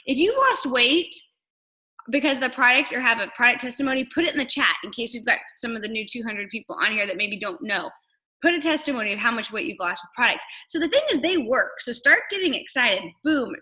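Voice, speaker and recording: Lady hyping up her sales team on a video call, high bright voice, rapid-fire questions. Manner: energetic, rallying, rapid-fire rhetorical questions. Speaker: network marketing leader.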